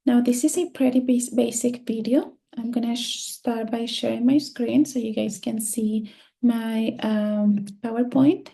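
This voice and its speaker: A woman teaching a screen-share lesson, speaking slowly and patiently and repeating words to drill the stress. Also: on the high side, fairly even intonation, creaky, mellow. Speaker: Spanish teacher.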